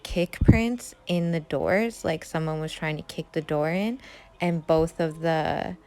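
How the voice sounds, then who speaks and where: Brief: Canadian woman, low voice with fry, hushed and chatty storytelling. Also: a little slow. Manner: chatty, fills with "like", quiet and hushed. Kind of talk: casual first-person true story.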